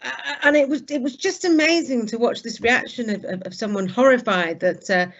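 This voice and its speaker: A woman hosting a webinar, starting a question with hesitant restarts and then telling a story briskly. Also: on the high side. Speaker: webinar host. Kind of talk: interview question with anecdote. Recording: muffled lo-fi video call audio.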